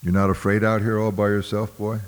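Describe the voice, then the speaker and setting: A man voicing an older soldier, a major, gruff, commanding and impatient. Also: on the low side, level tone, fairly quick, long reverb tail, natural voice. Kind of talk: audiobook character voice.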